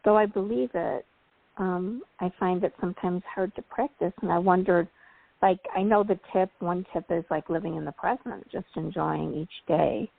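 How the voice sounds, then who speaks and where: Woman caller, hesitant, husky and gravelly, phone line. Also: lowish voice, moderate pace, dry recording. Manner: hesitant, filler-heavy. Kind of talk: call-in question. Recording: telephone line.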